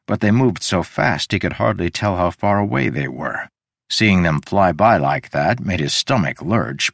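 Male audiobook narrator with a low, gravelly voice and expressive delivery. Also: dry recording, studio quality. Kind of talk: scripted fantasy narration.

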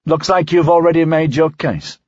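Male narrator doing a dying conspirator in an audiobook, slurred and defiant, husky and dry, dull sound. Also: fairly high pitch, a little mellow, no room sound, pitched above the performer's own voice, natural voice. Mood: contemptuous. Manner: slurred, slow and fading. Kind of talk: audiobook character voice.

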